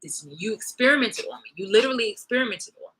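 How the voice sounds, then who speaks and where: A woman's voice: on the high side, animated, racing, a bit bright, poor audio. A woman vlogging in a heated, profane monologue rant, restarting and repeating her phrases as she talks.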